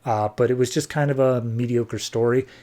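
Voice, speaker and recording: A man's voice: medium pitch, steady tone, moderate pace, mellow. A man hosting a podcast, reviewing comics in a casual, rambling way.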